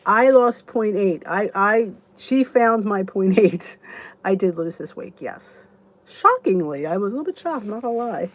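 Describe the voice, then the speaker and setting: A woman's voice: mid-range voice, expressive, measured pace, no room sound. A woman in her fifties hosting a casual live chat, answering viewers by name and rambling in a chatty way with many restarts. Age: 50s. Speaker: YouTube channel host.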